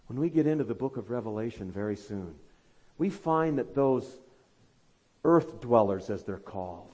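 A man preaching a sermon as pastor, fervently urging his listeners, then dropping to quiet, low asides. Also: expressive, a little fast, husky.

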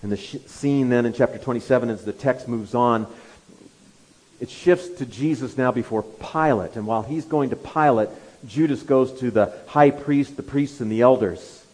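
A male preacher delivers a sermon at an ordinary pitch for a man. He retells the story with animation and slips into the voices of the people he quotes. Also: moderate pace, darkish tone, low-quality recording. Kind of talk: expository sermon.

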